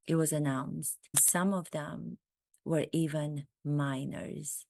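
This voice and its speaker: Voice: medium pitch, flat delivery, slow pace, gravelly, warm tone, no echo. A commentator giving emphatic, repetitive, indignant commentary on the news.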